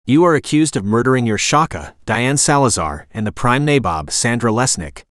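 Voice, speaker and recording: A man doing a stern, deep-voiced older woman. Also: lively intonation, normal speed, fairly bright tone, dry recording, clean studio sound, close to an everyday voice. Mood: accusing. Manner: cold, snide. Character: stern, authoritative older woman, former marshal.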